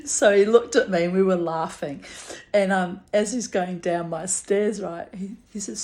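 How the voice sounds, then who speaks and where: A woman's voice: on the low side, measured pace. Giggly woman telling a funny story. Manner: giggly, animated, acts out both sides of the anecdote. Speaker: vlogger. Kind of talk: casual storytelling to camera.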